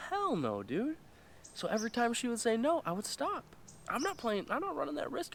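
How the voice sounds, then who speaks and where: Young guy vlogging, lively swings in his voice, cussing, exasperated, talking to viewers. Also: extremely high pitch, moderate pace, slight background noise. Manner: animated, profane, exasperated. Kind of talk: casual storytelling to camera.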